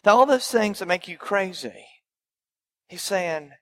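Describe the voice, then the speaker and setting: A man's voice: sits high, animated, unhurried. A male pastor preaching a sermon, emphatic, with rhetorical questions and repeated phrases.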